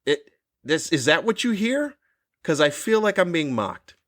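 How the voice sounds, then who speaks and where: Man doing a cow voice, indignant, high-pitched, incredulous questions. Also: big pitch swings, unhurried, fairly bright tone. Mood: offended. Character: indignant cow, offended at being mocked.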